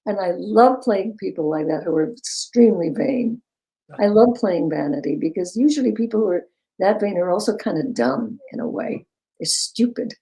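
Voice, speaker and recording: An older woman telling stories as an interview guest, animated and quick to laugh. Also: lowish voice, poor audio. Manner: animated storyteller, breaks into laughter. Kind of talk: casual interview chat.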